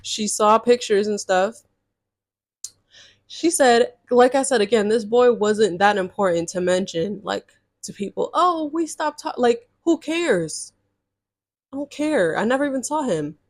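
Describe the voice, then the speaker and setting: A woman's voice: on the high side, lively intonation, measured pace, dry recording, studio quality. A young woman from California telling a casual storytime in a chatty, exasperated, slangy way. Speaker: storytime vlogger.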